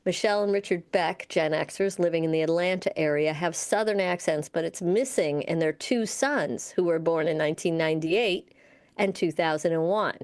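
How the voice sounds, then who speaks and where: A woman's voice: lowish voice, a little mellow, clear, resonant tone. A woman co-hosting a local radio show, chatting casually and reading news excerpts aloud with lots of fillers. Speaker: radio co-host. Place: radio studio.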